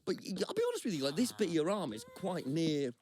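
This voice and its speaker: A young man spinning a long, self-deprecating anecdote on a chat podcast. His pitch leaps up and drops down as he goes, and he often stops and restarts mid-sentence. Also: huge pitch swings, quick pace, darkish tone. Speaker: podcast co-host. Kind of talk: casual anecdotal storytelling. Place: Brighton.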